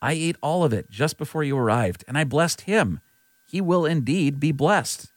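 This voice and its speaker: A man's voice: a little high, lively intonation, moderate pace, no room sound, voice pushed up, natural voice. A man voicing an aging father giving his son a blessing, in an earnest, lightly voiced scripture reading.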